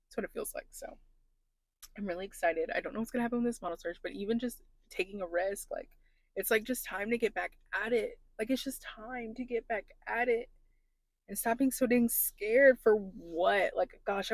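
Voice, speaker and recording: A woman's voice: mid-range voice, a little fast, no room sound. A young adult woman talking in a casual confessional vlog, earnest and emotional, saying "like" a lot. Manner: earnest, emotional, heavy use of "like". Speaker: plus-size influencer vlogger.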